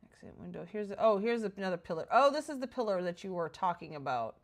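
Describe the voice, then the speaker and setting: A woman chatting casually with her viewers while playing a game, excitable and talking to herself as she goes. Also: mid-range voice, fast talker. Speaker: game streamer.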